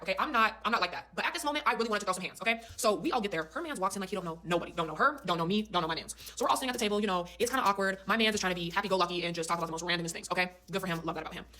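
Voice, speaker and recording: A young woman telling a personal story in a casual, animated, slangy way, with emphatic asides to her listeners. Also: medium pitch. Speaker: storyteller in a shared clip.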